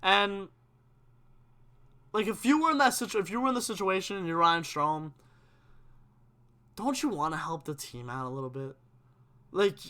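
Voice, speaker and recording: Young male live-stream host, excitable and opinionated, bright tense tone. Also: high-pitched. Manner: animated, gets worked up, reads chat questions aloud. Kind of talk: casual live-stream hockey chat.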